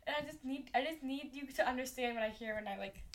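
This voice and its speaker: High-voiced giggly teenage girl. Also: quick pace, heavy background noise. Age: teens. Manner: giggly, filler-heavy chatter. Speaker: podcast host. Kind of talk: casual chat.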